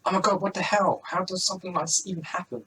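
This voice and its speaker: A man's voice: fairly even intonation, quick pace, bright, forceful tone, recorded from a distance, slight background noise, low-quality recording. A man doing a panicky young woman heroine. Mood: panicked. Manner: high and frantic, swearing.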